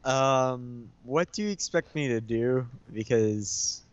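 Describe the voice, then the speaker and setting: A man's voice: mid-range voice, slow pace, clean tone, lo-fi sound. A man playing a co-op game with a friend, laid-back and full of questions, hedging with filler words. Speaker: co-op player. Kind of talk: casual gaming chat.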